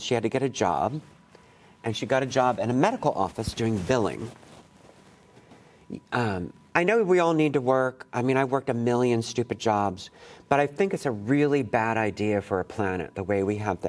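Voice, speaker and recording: This male poet, leading college students through a classroom workshop, has an expressive mid-range voice and a normal speaking speed. His talk wanders with asides and restarts, and he's frank, blunt, and quick to curse.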